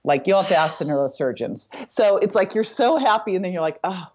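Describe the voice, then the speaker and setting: Low husky middle-aged woman storyteller. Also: animated, brisk, darkish tone, muffled recording. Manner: vivid storyteller who acts out quoted dialogue. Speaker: podcast guest. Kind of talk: emotional personal storytelling in an interview.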